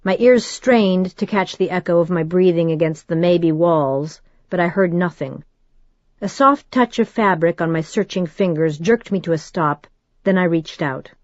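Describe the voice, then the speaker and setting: A woman narrates a first-person novel in a measured, steady way. Her voice sits on the lower side. The recording is dry with a slightly muffled, dull tone. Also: no room sound. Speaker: audiobook narrator.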